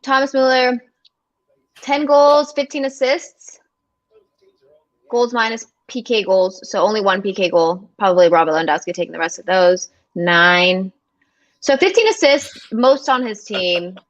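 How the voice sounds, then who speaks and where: A woman football pundit on a watchalong, chatty and quick to reel off stats. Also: mid-range voice. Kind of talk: casual sports chat. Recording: dull, lo-fi sound.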